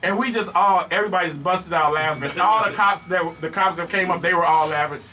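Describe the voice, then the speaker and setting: A man's voice: high voice, a little fast, sharp tone, recorded from a distance, slight background noise. A man hosting a radio show, telling a funny story in casual chat and laughing often. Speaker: radio host.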